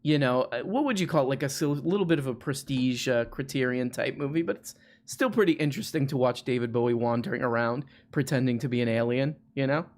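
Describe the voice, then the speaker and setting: A man's voice: medium pitch, fast talker, hardly any pauses. A man hosting a live stream, chatting casually and jokingly with a caller, with lots of restarts. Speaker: livestream host.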